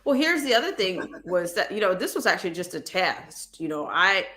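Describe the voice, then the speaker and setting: A woman's voice: lowish voice, sing-song, fairly quick, pushed and bright. A woman hosting a casual livestream chat, rambling with many restarts and fillers as she talks to her viewers. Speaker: livestream host.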